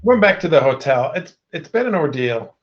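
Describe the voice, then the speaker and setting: A man's voice: fairly high pitch, big pitch swings, moderate pace. A man playing in a tabletop game, talking hesitantly and restarting often. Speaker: player. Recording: slightly dull lo-fi audio.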